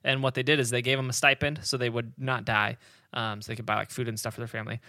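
A man's voice: mid-range voice, flat delivery, fast talker, bright, forceful tone, no room sound, studio quality. A man co-hosting a podcast, telling history in casual rambling chat, laughing often and hedging on figures. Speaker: podcast co-host.

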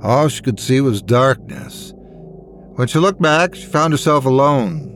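A man reading a scripted horror story in a measured, suspenseful manner. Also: medium pitch, big pitch swings, a little hiss or hum. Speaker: narrator.

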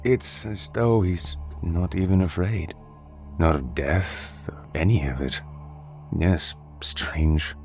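A man playing a calm, detached butcher and captor in a horror audio drama, speaking politely and in a measured way. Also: sits low, soft background music. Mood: coolly polite. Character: cold, curious male butcher and captor.

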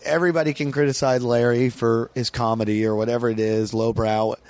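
A man's voice: medium pitch, a little mellow, no echo. American man telling comedy stories. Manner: storytelling, swearing freely. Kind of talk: casual podcast chat.

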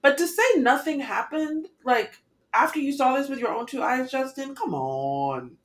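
A woman co-hosting a casual recap chat, giving expressive and exasperated commentary. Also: sits high, moderate pace. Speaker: podcast co-host.

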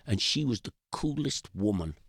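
Rambling older English storyteller. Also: male voice, on the low side, sing-song, moderate pace, gravelly, breathy edge, no room sound, clean studio sound. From England. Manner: rambling anecdotal storyteller, frequent restarts. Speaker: guest musician. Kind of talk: casual storytelling interview.

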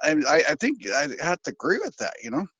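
A man calling in to a sports radio show, talking in a halting, rambling way with many fillers. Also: a little high, wildly swooping pitch, fairly bright tone, breathy edge, no echo, low-quality recording. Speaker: caller. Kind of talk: sports call-in talk.

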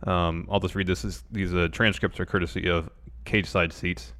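A man's voice: low voice, fairly even intonation, moderate pace, fairly bright tone. A man co-hosting a podcast, adding short, terse comments in casual chat. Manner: terse interjections. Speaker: podcast co-host.

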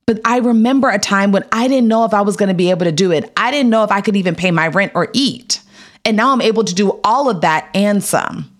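A woman in her thirties, an actor being interviewed, telling a candid personal story in a casual, filler-heavy way and acting out the voices she quotes. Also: fast talker. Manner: animated, acts out quoted voices with big pitch jumps; casual, filler-heavy, laughs between lines.

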